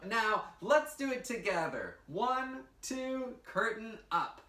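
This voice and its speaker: A man's voice: high voice, very animated, slow, few pauses, sharp tone, reverberant, recorded from a distance. A man teaching a virtual drama lesson to children, upbeat and encouraging as he guides them step by step. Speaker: teaching artist. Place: indoor room, recorded for an online class.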